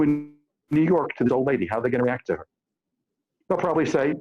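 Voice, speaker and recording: A man's voice: mid-range voice, very animated, a little fast, a little mellow, muffled recording. A man speaking as an expert on a panel, explaining through vivid everyday examples with frequent hesitations. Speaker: panel expert on immigration to Israel. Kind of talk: panel discussion talk. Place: based in Israel.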